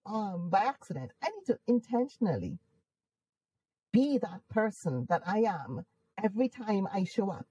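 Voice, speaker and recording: A woman's voice: mid-range voice, big pitch swings, normal speed, dark tone, slightly rough, rough recording. A woman with a Jamaican accent, a guest in an interview, who talks emphatically and upbeat and laughs often. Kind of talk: casual conversational interview.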